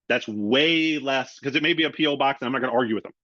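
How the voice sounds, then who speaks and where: With a medium-pitched voice and a fast delivery, a middle-aged man trains salespeople in an energetic webinar, switching between caller and customer in his own voice. There's no echo, but the sound is dry, slightly dull and lo-fi.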